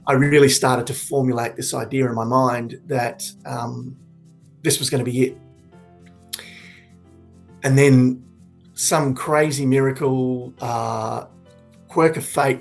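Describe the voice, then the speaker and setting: Man, 40s, suicide prevention speaker; earnest, reflective, slightly gravelly, mid-pitched. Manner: reflective, earnest, halting with restarts. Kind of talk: candid personal testimony.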